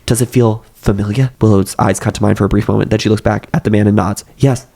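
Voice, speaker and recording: A man's voice: fairly low pitch, fairly even intonation, fast talker, gravelly, dark tone, husky. A young man reading a novel aloud, with slight voice shifts for the characters and joking asides.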